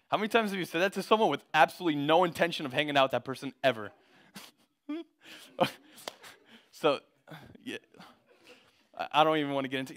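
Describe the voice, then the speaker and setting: A man's voice: fairly high pitch, quick pace, pauses often, fairly bright tone. A young man giving a casual sermon, slangy and conversational, reading scripture with rising intensity.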